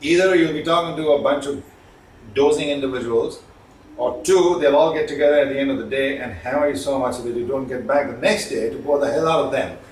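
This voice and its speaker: Animated male trainer in a roomy space. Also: mid-range voice, brisk, a little hiss or hum. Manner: animated, varies intonation on purpose. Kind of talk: lecture on communication skills. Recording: roomy, distant mic, faint ambience.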